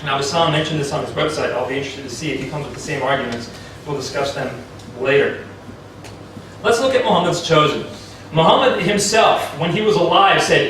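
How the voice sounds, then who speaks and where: A man giving a formal debate speech, arguing and citing sources one after another, with his pitch jumping up on key points. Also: a bit bright, a little hiss or hum. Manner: argumentative, citing sources in quick succession. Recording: echoey hall, distant mic.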